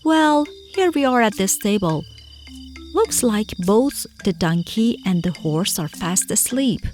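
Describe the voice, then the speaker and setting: A woman's voice: medium pitch, slow pace. A young woman voicing a friendly, curious cartoon guide who coaxes a child along, talking straight to the viewer. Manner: animated, coaxing, speaks straight to the viewer. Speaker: cartoon voice actor. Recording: clear music underneath.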